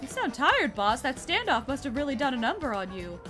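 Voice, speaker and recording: A woman voicing an eager, excitable young male police officer in game dialogue. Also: high-pitched, brisk, soft background music, full character voice. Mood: upbeat. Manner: upbeat, excitable, chipper. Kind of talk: game dialogue read aloud.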